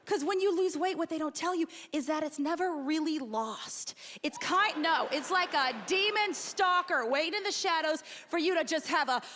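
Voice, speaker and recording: A woman's voice: high voice, moderate pace, few pauses. A woman in her thirties from Texas, doing sassy, flirty stand-up comedy on a talent show stage. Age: 30s. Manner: brash, flirty, sassy, playful. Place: large theater with a cheering audience. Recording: loud crowd and noise.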